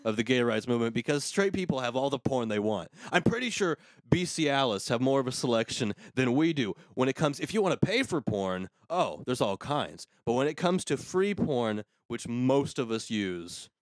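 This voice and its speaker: A man's voice: medium pitch, very animated, normal speed, hardly any pauses, no room sound. A man hosting a podcast, ranting crudely and sarcastically in casual comedic talk. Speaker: podcast host.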